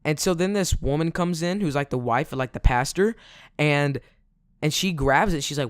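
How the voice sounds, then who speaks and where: A man's voice: fairly high pitch, normal speed, clear, resonant tone, dry recording, studio quality. A man telling a casual storytime in a rambling way, full of fillers. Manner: rambling, filler-heavy, "like" every few words. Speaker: vlogger.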